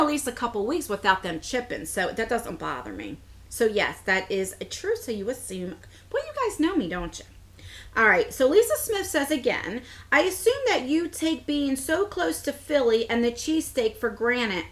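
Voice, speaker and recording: A woman's voice: on the high side, a bit bright. A woman in her forties from New Jersey chatting casually as a beauty vlogger, reading out viewer comments and answering them in a rambling way, laughing often.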